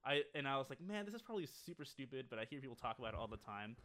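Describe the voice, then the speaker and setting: A young man co-hosting a laid-back podcast, talking in loose rambling runs packed with fillers. His voice sits at an ordinary middle pitch for a man, and he breaks into quick laughs as he goes. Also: very animated, fairly bright tone. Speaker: podcast co-host. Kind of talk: casual chat.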